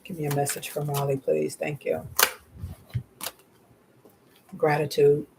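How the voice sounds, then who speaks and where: A woman's voice: sits low, completely flat delivery, brisk, creaky, background noise. Heartfelt casual woman reading tarot. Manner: casual and slangy, speaking to the viewer and to spirit guides; heartfelt, often laughing between words. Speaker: tarot reader. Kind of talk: live-stream tarot reading.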